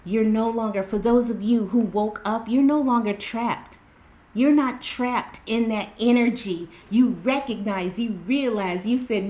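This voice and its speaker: A woman giving an excited spiritual tarot reading to her viewers, repeating herself in a preachy way. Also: fairly high pitch, a little slow. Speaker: tarot reader.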